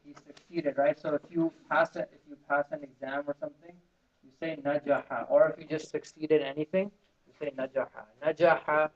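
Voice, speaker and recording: This Arabic teacher, a man with a fairly high voice, keeps a level tone and a brisk pace while leading a classroom lesson. Call-and-response drills with his students come through in muffled, lo-fi sound.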